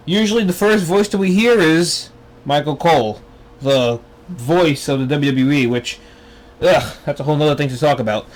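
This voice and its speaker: A young man with a rather high voice rants in an exasperated, sarcastic way. He hosts his own talk show and drops into mocking impressions. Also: normal speed. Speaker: vlog host. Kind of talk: ranting commentary.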